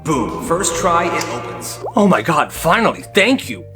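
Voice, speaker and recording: A young man telling comedic school stories, animated and quick to slip into character voices. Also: on the high side, over music. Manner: animated, switching between narration and quick voices. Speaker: storyteller.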